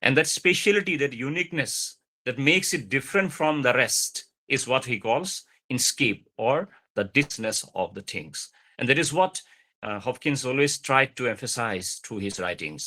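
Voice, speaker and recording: A man lecturing over a video call, explaining slowly with many fillers and repeated points. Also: medium pitch, lively intonation, bright, forceful tone.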